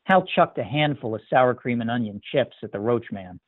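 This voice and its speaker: A man's voice: mid-range voice, animated, moderate pace, no room sound. Man narrating a story on a tinny line. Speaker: story reader. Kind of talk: scripted narration. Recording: tinny dry phone-like sound.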